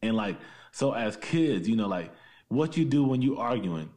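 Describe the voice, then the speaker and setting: A man in casual conversation, thinking out loud in a reflective way with many "like"s and "you know"s. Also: fairly low pitch, sing-song, moderate pace.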